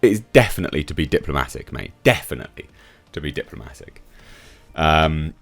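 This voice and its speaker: A man's voice: sing-song, fairly quick, fairly bright tone, dry recording, faint music behind. A man giving casual, sarcastic commentary, reading out quotes and reacting to them with sudden emphatic jumps in his voice. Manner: sarcastic, chatty, swings from low mutter to sudden high emphasis. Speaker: YouTube commentator.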